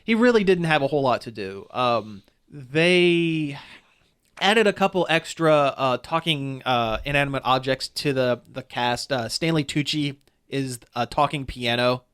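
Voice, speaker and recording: A man's voice: mid-range voice, lively intonation, a little slow, fairly bright tone, smooth. A man on a casual podcast, rambling through a critical movie review with lots of restarts. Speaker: podcast co-host. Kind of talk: casual chat.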